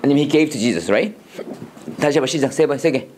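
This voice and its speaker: Rapid-fire male Bible teacher. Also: medium pitch, animated, darkish tone, slight background noise. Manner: drills students with repeated questions, fast switching between languages. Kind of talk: classroom Bible lesson mixing Korean and English.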